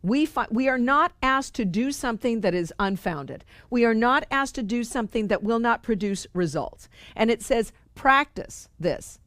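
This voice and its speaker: On the high side and recorded dry with clean studio sound, a middle-aged woman gives a spiritual teaching talk to her study group. She sounds earnest and conversational, repeating phrases to emphasize them.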